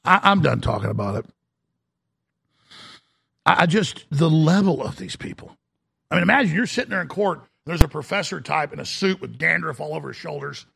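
Guy ranting on his show, high gravelly husky voice, mocks and yells. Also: brisk. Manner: animated, mocking, shouts and mimics voices. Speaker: talk show host. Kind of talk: ranting monologue.

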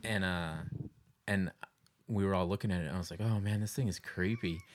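A man in casual chat, telling a story in an animated way and acting out the lines of people in it. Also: sits low, a little fast. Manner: animated, laughing, acts out quotes with yells.

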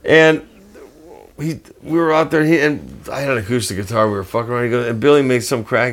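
An older man and guest musician telling animated, profane stories in a rambling way, full of restarts. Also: medium pitch, fairly quick. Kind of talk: casual storytelling.

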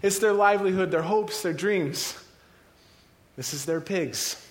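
A male preacher tells a scripture story as if it were a film, scene by scene. His voice sits high for a man, and he lingers on dramatic pauses. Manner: vivid, cinematic retelling with dramatic pauses.

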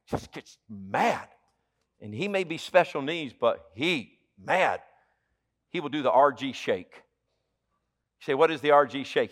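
A middle-aged male pastor giving a sermon, telling stories and swinging from hushed asides to loud appeals. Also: medium pitch, animated, moderate pace.

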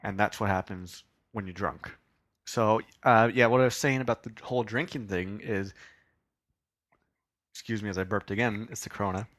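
A young man talks through a solo podcast in a loose, rambling way, often poking fun at himself and swearing casually. His voice sits a little low, and the recording is dry and close. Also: moderate pace, a bit bright, no echo. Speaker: podcast host.

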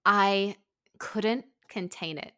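A woman's voice: slow pace, clean tone. A young woman host in casual chat, telling a story and acting out quotes with big jumps in her voice. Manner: animated, acts out quotes with big pitch jumps.

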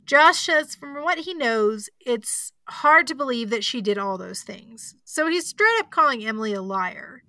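A woman's voice: on the high side, expressive, measured pace, few pauses, pushed and bright, no room sound. A woman hosting a podcast, retelling a story in a chatty casual way, full of likes and asides. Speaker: podcast host.

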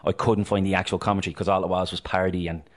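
A man's voice: sits low, level tone. A man hosting a radio sports show, chatty and jokey in casual talk. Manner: chatty, jokey, fast-talking.

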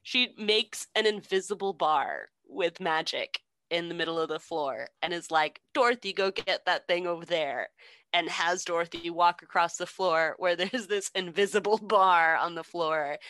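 Bright, sarcastic young woman, dry mic. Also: lowish voice, a little slow, no echo. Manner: sarcastic, swears freely, laughs often. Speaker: podcast co-host. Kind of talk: casual storytelling recap.

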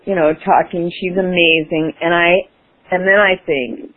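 A woman's voice: fairly low pitch, fairly even intonation, unhurried. A woman guest in an interview, telling a personal story with enthusiasm, laughing and acting out her past self. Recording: phone-like radio broadcast.

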